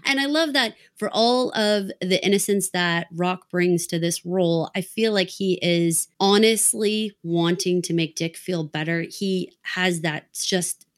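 A woman co-hosting a podcast, emotive and expressive as she discusses a TV episode and laughs easily. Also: lowish voice, unhurried, hardly any pauses. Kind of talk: casual recap discussion of a TV episode.

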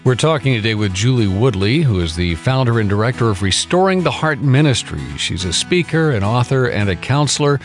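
Lively male radio host over soft guitar. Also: medium pitch, brisk, hardly any pauses. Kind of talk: radio show segment outro.

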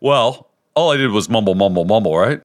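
A middle-aged male podcast host with a lowish voice tells a story with easy chuckles. The sound is dry and close, with no room around it. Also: animated, a little fast, no echo. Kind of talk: casual chat.

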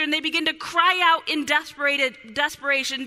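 A woman's voice: high voice, moderate pace, hardly any pauses, pushed and bright. A woman pastor preaching a sermon with fervor, swinging from urgent pleas down to near whispers. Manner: impassioned, rising to fervent pleas then dropping to near whispers. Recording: long hall reverb.

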